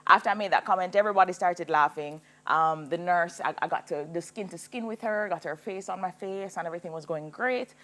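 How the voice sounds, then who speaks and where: A woman in her thirties, a singer telling her own story as a TV guest, animated and laughing as she goes. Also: fairly low pitch, a little fast, few pauses. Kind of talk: personal storytelling in a TV interview.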